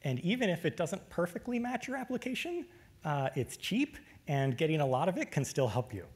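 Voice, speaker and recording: A man giving a technical lecture, relaxed, with frequent fillers. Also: on the high side, brisk, breathy edge.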